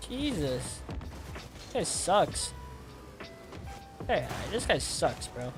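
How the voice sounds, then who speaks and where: A man's voice: fairly high pitch, big pitch swings, extremely slow, music in the background. A young man talking casually to his stream chat while gaming, rambling with lots of "like" and repeated words. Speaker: game streamer.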